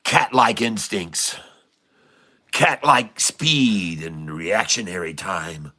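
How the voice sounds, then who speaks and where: A middle-aged livestream host keeps a casual mood, laughing often and loving a good pun. He talks very slowly in a low voice that is bright and forceful.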